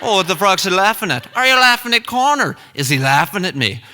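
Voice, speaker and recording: A loud, foul-mouthed young Irish bruiser, as a male storyteller puts him on in a put-on Irish accent. The voice climbs high and hard-edged, jeering and shouting. It rings through a hall with a long tail of reverb. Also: big pitch swings, a little fast, exaggerated voice. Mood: menacing. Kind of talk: live storytelling performance.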